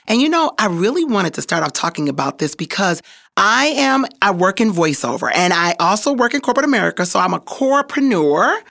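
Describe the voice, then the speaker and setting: A woman hosting a motivational podcast, upbeat and encouraging, with a voiceover artist's clear delivery. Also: medium pitch, a bit bright, no echo, studio quality. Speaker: podcast host.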